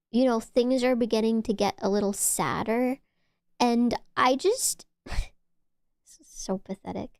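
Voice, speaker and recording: A woman's voice: fairly high pitch, a little mellow, smooth, no echo, clean studio sound. A woman streamer chatting casually with her viewers, rambling, playful and swearing freely. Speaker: VTuber streamer. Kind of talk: casual livestream chat.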